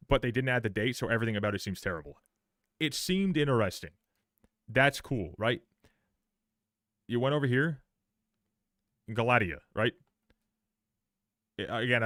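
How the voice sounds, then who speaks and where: A man's voice: mid-range voice, no echo, clean studio sound. A man streaming live, reacting to a game trailer in sarcastic, profane commentary, often repeating words and restarting his sentences.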